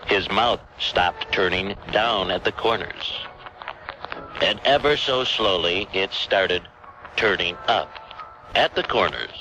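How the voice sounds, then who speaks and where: A male radio host reading a children's story aloud in a slow, deliberate, mock-solemn way, drawing out the repeated phrases. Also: low voice, expressive, highs cut off, noisy background. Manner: slow, deliberate, drawn-out repetition. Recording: radio broadcast over a music bed.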